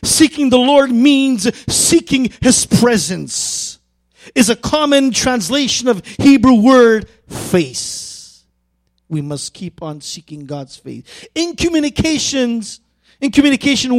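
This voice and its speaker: In a very high, very animated voice, a man preaches as pastor with earnest emphasis. He stretches out key phrases, and his delivery builds toward fervent pleading.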